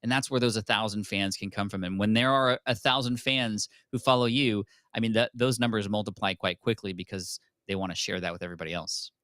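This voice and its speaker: A man as a podcast guest, telling a personal story openly and candidly, with quick restarts. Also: on the low side, fairly even intonation, fairly bright tone, no echo, studio quality. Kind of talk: casual interview storytelling.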